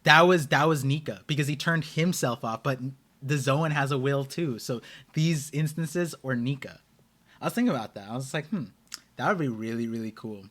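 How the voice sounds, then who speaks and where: A man hosting a live anime watch-party stream, reacting excitedly and chatting in a rambling way with his viewers. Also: mid-range voice, moderate pace. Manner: excitable, rambling, talks to chat.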